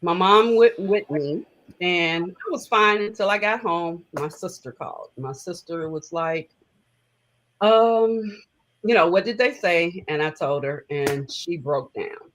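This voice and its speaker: A woman's voice: lowish voice, unhurried, fairly bright tone, a little hiss or hum, low-quality recording. A middle-aged woman telling a personal story as an interview guest, conversational and emotional, with many fillers.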